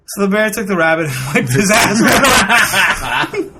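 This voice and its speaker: A man on a podcast, animated and quick to joke and protest. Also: high-pitched, noisy background. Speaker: podcast guest. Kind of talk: casual chat.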